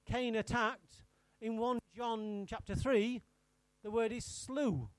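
A man's voice: very high-pitched, steady tone, slow, no echo. A man preaching an interactive sermon, teasing his congregation by name and firing questions at them.

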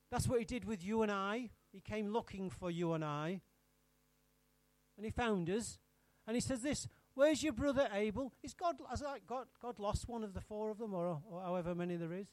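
A man's voice: high voice, normal speed, a little mellow, dry recording. A man preaching an interactive sermon, teasing his congregation by name and firing questions at them.

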